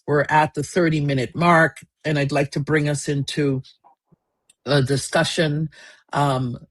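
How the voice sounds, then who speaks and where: A man's voice: fairly high pitch, flat delivery, unhurried, fairly bright tone, no echo. A man moderating a seminar over a video call, speaking off the cuff with many restarts and fillers as he thinks aloud. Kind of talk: unscripted moderating.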